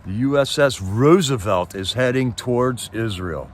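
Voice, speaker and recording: A man's voice: medium pitch, unhurried. A man streaming live launches into an impassioned political rant with a middle-range voice, peppering his talk with "man" and "okay." He keeps throwing out rhetorical questions to his audience, and a faint hum of noise sits behind him. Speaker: livestream host reading chat.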